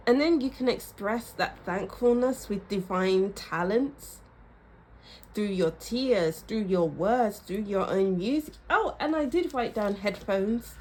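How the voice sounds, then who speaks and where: A woman's voice: medium pitch, a little mellow. Encouraging woman reading tarot. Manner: encouraging, repeats affirmations, thinks aloud. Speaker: tarot reader. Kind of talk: casual tarot reading to camera.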